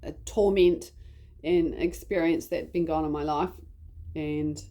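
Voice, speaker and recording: Mellow-voiced New Zealand woman rambling. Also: low voice, steady tone, measured pace. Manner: chatty, rambling, heavy use of "like". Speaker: vlogger. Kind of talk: casual personal storytelling.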